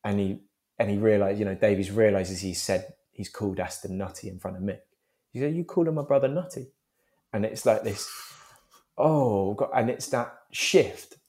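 Enthusiastic man with a lowish voice. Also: moderate pace, darkish tone. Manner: enthusiastic, rambling, laughs often. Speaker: stage actor. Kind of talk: interview talk.

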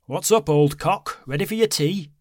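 Brief: loud, cheeky young man, tactless joker, narrator putting him on. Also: a little high, moderate pace, no echo, clean studio sound, pitched above the performer's own voice, natural voice.

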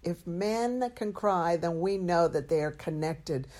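Earnest, expressive woman podcast host. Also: on the low side, takes it slowly. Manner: earnest, open and expressive, with lively swings in tone. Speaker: podcast host and medical doctor. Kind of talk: personal storytelling podcast.

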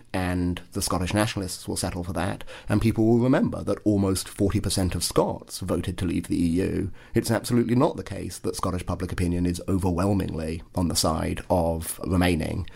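A man giving measured, speculative political analysis as a podcast panelist. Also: low voice, steady tone, gravelly, a little mellow, slightly rough. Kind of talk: analytical discussion.

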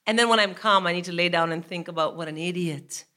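A woman in her forties, a guest comedian, telling comic anecdotes on a live podcast stage in an animated way, laughing and acting out her own panic. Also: on the low side, fast.

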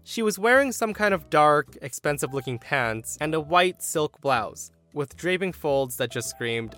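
A man's voice: on the high side, lively intonation, a little slow, few pauses, sharp tone, faint music behind. A man hosting a podcast, telling a story in a wry, theatrical way. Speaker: podcast host. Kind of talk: storytelling narration.

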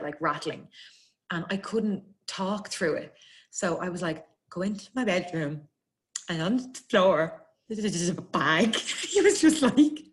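An Irish woman with a low, husky-free speaking voice tells a personal story in a casual interview. She talks quickly and chattily, breaking into laughs and putting on the voices of the people she quotes. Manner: quick, chatty, laughs often, re-enacts dialogue. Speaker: guest telling her birth story.

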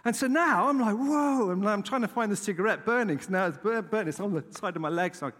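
A man's voice: high-pitched, quick pace, fairly bright tone. A middle-aged male pastor telling a story in a sermon, chatty and self-deprecating. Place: church. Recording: long reverb of a church hall.

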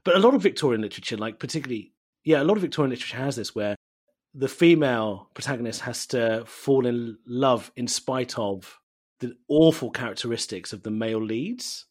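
Animated man telling stories with a laugh. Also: medium pitch, fairly quick, husky. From East London, England. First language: Bengali. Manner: animated storytelling, laughs often, self-mocking. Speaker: guest. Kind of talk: casual podcast interview.

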